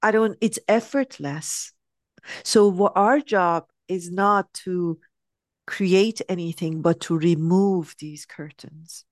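A middle-aged woman speaking as a guest in a conversation, telling stories and acting out quoted voices with lively shifts. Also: on the low side, dry recording, clean studio sound. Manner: reflective, acts out quoted voices animatedly. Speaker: guest sharing spiritual reflections. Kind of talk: conversational storytelling.

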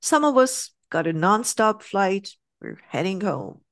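Woman teacher, lively and emphatic, acts stuff out, super dry sound. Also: medium pitch, measured pace, no room sound. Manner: animated, emphatic, acts out examples. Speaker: spiritual teacher. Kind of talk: teaching a class.

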